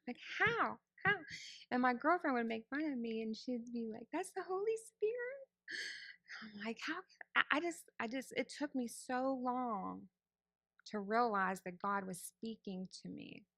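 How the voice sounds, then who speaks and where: A woman's voice: a little high, moderate pace, creaky, fairly bright tone, dry recording. A woman telling her personal testimony to a church congregation, candid and conversational, acting out her own past thoughts. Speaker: church member giving testimony.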